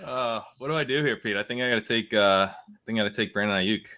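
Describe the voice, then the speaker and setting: A man's voice: fairly low pitch, quick pace, pushed and bright, clean tone. A man hosting a casual fantasy football live stream, thinking aloud about his picks and laughing easily. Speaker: fantasy football podcast host drafting live.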